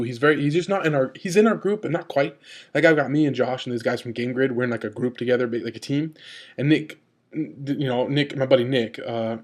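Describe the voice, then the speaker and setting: A man vlogging an unscripted rant to camera, rambling with lots of "like" and "you know" and jumping up in pitch as he gets annoyed. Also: darkish tone. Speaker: video blogger.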